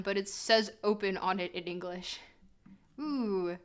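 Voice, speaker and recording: A woman's voice: medium pitch, steady tone, a little slow. A woman streamer giving casual, joking commentary while playing, talking straight to her chat. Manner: chatty and joking, answers chat directly.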